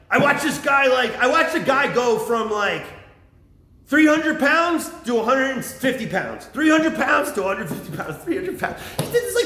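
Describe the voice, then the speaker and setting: A man in his forties telling a rambling, profane comic monologue, swinging between low mumbles and shouted lines. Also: reverberant.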